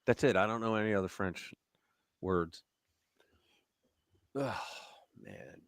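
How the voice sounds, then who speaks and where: A man's voice: fairly low pitch, takes it slowly, vocal fry, no echo, clean studio sound. A man hosting a casual live-stream commentary show, blunt and profane, laughing at his own jokes. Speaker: host.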